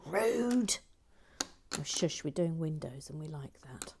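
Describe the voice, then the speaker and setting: A woman hosting a relaxed building stream, chatting playfully, reading comments aloud and laughing. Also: sits low, takes it slowly, vocal fry, background noise. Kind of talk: casual chat while building.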